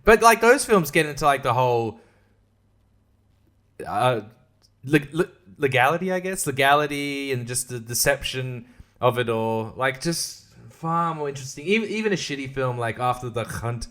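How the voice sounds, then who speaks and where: A man's voice: mid-range voice, animated, normal speed, a bit bright. A man hosting a podcast, ranting about a film in a sarcastic, profane way, often laughing and mocking characters in put-on voices. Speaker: podcast host. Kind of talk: casual film review rant.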